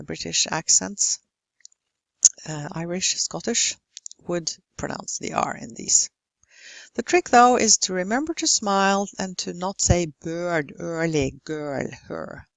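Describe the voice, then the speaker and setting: Norwegian woman, English pronunciation teacher, slow and careful delivery, dry close mic. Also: mid-range voice, gravelly, no echo. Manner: slow, careful, demonstrating word lists. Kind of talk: recorded phonetics lesson.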